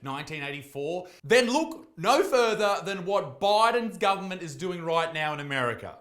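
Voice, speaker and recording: A man's voice: sits high, big pitch swings, moderate pace, hardly any pauses, fairly bright tone. An Australian man, a comedian host, ranting in comedic commentary with profane, mocking outbursts.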